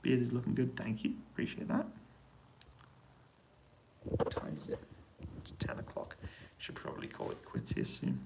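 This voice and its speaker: British man chatting quietly with a gravelly edge. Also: mid-range voice, moderate pace, pauses often, noisy background. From United Kingdom. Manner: relaxed, quiet voice to avoid waking neighbours. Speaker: livestream host answering chat questions. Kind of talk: casual live-stream chat. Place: hotel room on an army base.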